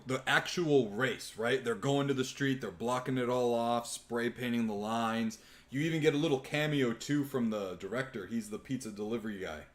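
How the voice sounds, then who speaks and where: A young man hosting a live podcast, casually chatting and excitedly retelling a movie with lots of swearing. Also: medium pitch. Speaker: podcast host. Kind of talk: casual chat on a live stream.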